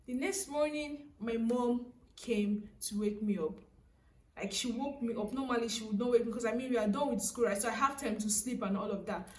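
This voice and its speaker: A young woman in her twenties with a Nigerian accent, telling a personal story casually to camera in a chatty, animated way. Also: fairly high pitch, moderate pace, echoey room, far from the mic. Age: young adult. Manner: chatty, animated, laughing, frequent "so, like". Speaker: vlogger.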